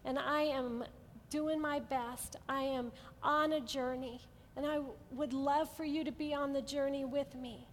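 High-voiced woman teaching Bible study. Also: fairly even intonation, measured pace, slight background noise. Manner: asks the audience frequent check-in questions; earnest, gentle and encouraging. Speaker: Bible teacher for a women's group. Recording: long hall reverb.

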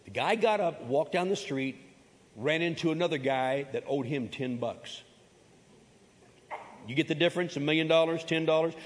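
A man delivers a sermon in a slightly high voice, driving his points home by repeating them. He mixes in folksy, joking asides. His voice rings out with the long reverb of a large church hall. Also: normal speed, long pauses. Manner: emphatic, repeats key phrases, folksy humorous asides. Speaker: pastor.

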